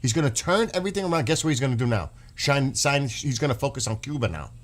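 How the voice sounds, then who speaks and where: A man's voice: mid-range voice, expressive, fast talker. A man ranting in exasperated, sarcastic political commentary, swearing as he reads posts aloud and mocks them. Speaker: streamer reacting to news.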